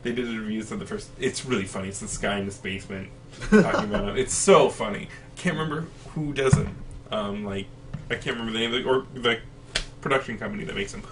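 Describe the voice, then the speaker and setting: A man's voice: lowish voice, fast talker, noisy background. A chatty man co-hosts an easygoing conversation, often hesitating and restarting his sentences. His voice comes from some distance off the mic. A faint ambience sits underneath. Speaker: podcast co-host. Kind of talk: casual chat between matches.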